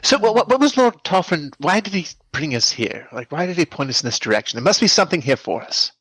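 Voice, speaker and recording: A man's voice: a little high, fast, husky, no room sound. A man playing a tabletop game, stammering and repeating himself as he talks. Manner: stammering, animated. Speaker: player.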